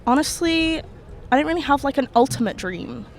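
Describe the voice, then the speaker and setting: A woman's voice: high voice, lively intonation, fairly quick, vocal fry, slight background noise. A young woman chatting frankly and matter-of-factly in an outdoor interview. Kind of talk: casual chat. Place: outdoors in a city park.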